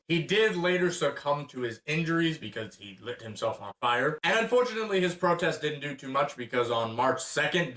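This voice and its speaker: A man's voice: on the high side, fairly bright tone, roomy sound, recorded from a distance. An American man recapping the year's news in a casual, chatty way with sarcastic asides and frequent fillers. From United States. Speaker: channel host.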